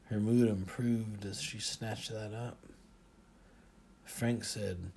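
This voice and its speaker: A man narrating an audiobook in the first person, unhurried and even. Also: fairly low pitch, creaky, a little hiss or hum.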